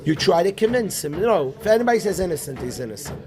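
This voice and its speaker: A man, a rabbi teaching a Talmud class, animated, calling on students by name and repeating his questions. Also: sits high, fast. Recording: room noisy with student chatter.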